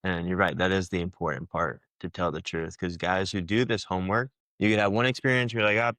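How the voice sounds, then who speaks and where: A man's voice: fairly low pitch, a little fast, hardly any pauses, a bit bright, dry recording. A man hosting a podcast, speaking directly and encouragingly in casual conversation. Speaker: podcast host.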